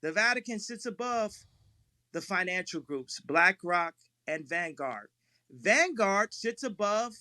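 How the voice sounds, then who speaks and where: Man, interview guest, rambling, emphatic, tense bright tone, dry close sound. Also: high-pitched, very animated, takes it slowly, no room sound. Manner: rambling, emphatic, repeats himself. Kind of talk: live audio chat room conversation.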